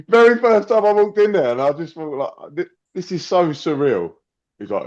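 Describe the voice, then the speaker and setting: A man's voice: sits high, animated, measured pace, a little mellow. Stammering man on a lo-fi mic. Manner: stammering restarts, laughs often. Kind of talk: casual chat.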